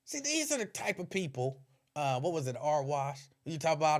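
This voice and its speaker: A man's voice: on the high side, moderate pace. A man hosting his own podcast, chatting casually about his years in radio and laughing often. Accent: Cincinnati area. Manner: laughs often, animated storytelling. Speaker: podcast host, former radio host. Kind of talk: casual livestream chat.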